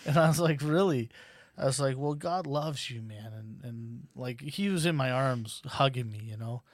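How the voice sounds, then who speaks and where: A man guest telling a personal story casually, with many fillers and animated quotes. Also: mid-range voice, normal speed, no room sound, clean studio sound.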